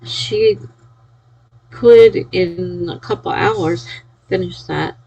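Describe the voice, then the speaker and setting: A woman's voice: lowish voice, huge pitch swings, drawn-out words, gravelly, warm tone, breathy edge, muffled recording. A sleepy, yawning woman chatting casually on a live stream, reading out and cheering viewers' chat messages. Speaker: livestreamer.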